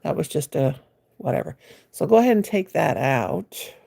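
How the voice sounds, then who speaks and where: A woman's voice: low voice, very animated, moderate pace, vocal fry, dark tone. A woman, chatting casually with viewers on a crochet livestream, greeting them by name in a homey, folksy way. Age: 60s. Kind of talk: casual live-stream chat. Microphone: phone.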